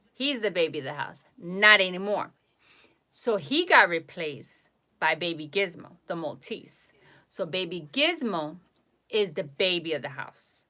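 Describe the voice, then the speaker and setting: A woman host casually chatting on a home live stream, animated and cooing baby talk to her dog at times. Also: on the low side.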